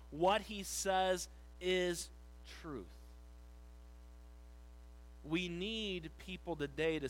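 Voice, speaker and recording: A male pastor preaching a sermon, reading scripture slowly and shifting between loud emphasis and quiet. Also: on the high side, slight background noise, poor audio.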